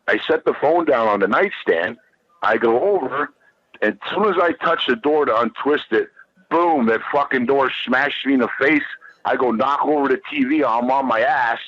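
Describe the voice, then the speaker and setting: A man's voice: mid-range voice, moderate pace, no echo. A man guest telling a long story in a profane, rambling, emphatic way. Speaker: podcast guest. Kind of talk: animated storytelling. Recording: dull lo-fi dry sound.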